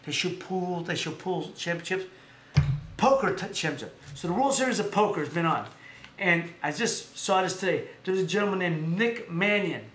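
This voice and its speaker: With a high voice at a moderate pace, a man hosts a casual live stream about boxing, telling rambling, animated stories and correcting himself along the way. Faint music plays behind him, and the room is echoey with faint background noise.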